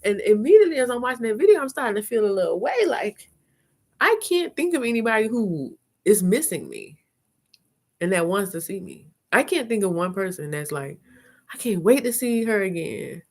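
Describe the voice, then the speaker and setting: A middle-aged woman chatting on a live stream. Her pitch sits in an ordinary middle range. She talks frankly in salty slang and acts out her own reactions as she tells her stories. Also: big pitch swings, brisk. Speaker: vlogger hosting a live chat. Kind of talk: casual live-stream storytelling.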